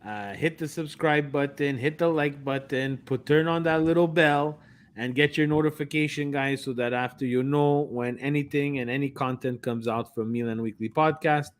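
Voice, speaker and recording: A man co-hosting a football podcast, talking in an animated, sarcastic, ranting way. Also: fairly high pitch, normal speed. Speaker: podcast co-host. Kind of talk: casual podcast chat.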